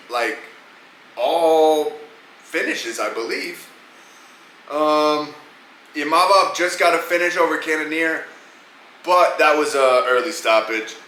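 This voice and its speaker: A man's voice: on the high side, pushed and bright, slight background noise. A man hosting a podcast, giving casual, profane, rambling picks on upcoming fights. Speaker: podcast host. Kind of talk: casual fight-pick commentary. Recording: echoey room with faint ambience.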